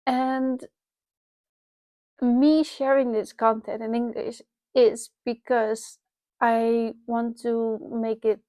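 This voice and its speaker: A Dutch-accented woman from the Netherlands vlogs unscripted about her personal life, her voice fairly high and warm. She's candid and rambling, self-reflective, often restarting and laughing. Recorded on a wireless lapel mic, there's no room sound.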